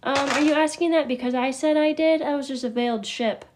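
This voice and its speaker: A woman's voice: sits high, fairly even intonation, brisk, background noise. Chatty, scattered woman showing crystals. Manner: chatty, scattered, laughs often, drops into asides. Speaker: spiritual class host. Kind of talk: casual live class, showing crystals.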